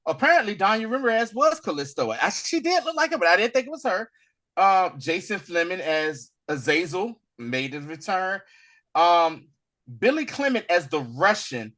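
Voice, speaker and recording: A man co-hosting a podcast, talking casually about a movie and acting out scenes in loud bursts. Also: sits high, normal speed. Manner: animated, acts out lines in loud bursts. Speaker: podcast co-host.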